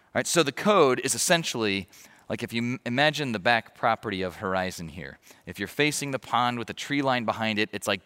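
Lively, bright-voiced male pastor. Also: mid-range voice, a little fast, clean tone. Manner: animated, conversational storytelling with asides. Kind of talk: verse-by-verse sermon.

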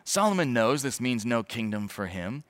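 A man's voice: mid-range voice, big pitch swings, moderate pace, fairly bright tone. A male pastor giving a verse-by-verse sermon in a conversational, storytelling manner with asides.

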